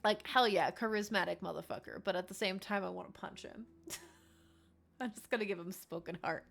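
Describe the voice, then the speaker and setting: A woman streaming gameplay live and reacting to it. She swears freely and breaks into loud, laughing outbursts. Her voice sits at a middle pitch. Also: normal speed, vocal fry, faint music behind.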